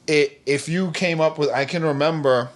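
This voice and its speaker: A man's voice: fairly high pitch, normal speed. A man talking as a podcast guest in a casual conversation, earnest and rambling, often saying "like" and "you know what I mean". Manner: animated storyteller who acts out quoted people.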